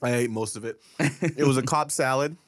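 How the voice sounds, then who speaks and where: A man's voice: medium pitch, moderate pace, no echo, studio quality. A man co-hosting a casual podcast chat, blunt and profane, teasing and laughing often. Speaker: podcast co-host.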